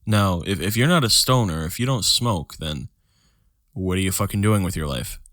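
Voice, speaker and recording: Casting: young male podcast host, low voice, dry close sound, rambling profane delivery. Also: lively intonation, normal speed, a bit bright, no room sound. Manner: rambling, profane, restarts words, sings snatches of songs. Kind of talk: solo casual podcast rant.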